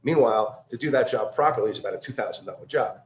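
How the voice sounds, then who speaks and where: Halting man telling a story, echoey room. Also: mid-range voice, a little hiss or hum. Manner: halting, many fillers and restarts, acts out quoted voices. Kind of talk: casual storytelling chat.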